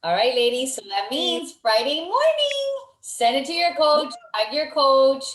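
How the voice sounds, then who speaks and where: A woman leading a motivational team video call, warmly effusive and encouraging, repeating her praise. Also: high voice, very animated, measured pace, echoey room, a little hiss or hum, rough recording.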